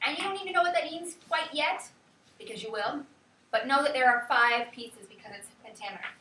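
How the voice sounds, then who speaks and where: A high, bright woman's voice leads a classroom lesson, lively and chatty. She keeps checking in with the class. The sound is roomy and distant, as if caught by a camera across the room. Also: fairly quick. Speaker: teacher.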